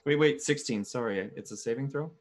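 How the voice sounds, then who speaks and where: A man's voice: medium pitch, brisk. A man playing in a tabletop game, laid-back and a bit hesitant as he talks through his turn. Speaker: player. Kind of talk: casual game chat.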